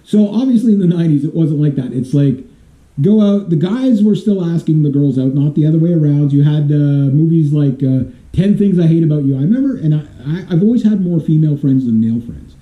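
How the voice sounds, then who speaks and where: A man's voice: a little high, expressive, brisk. Casual middle-aged man vlogger from Canada, rambling and chuckly; phone-like sound. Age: 40s. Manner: rambling, laughs often, many restarts. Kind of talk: casual opinion monologue. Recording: tinny echoey lo-fi audio.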